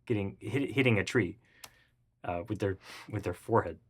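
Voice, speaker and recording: Guy telling a story in an interview, does the voices, gets loud and squeaky when hyped. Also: moderate pace, husky. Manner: animated, acts out the voices of people in his story; jumps high and loud when excited. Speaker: interview guest.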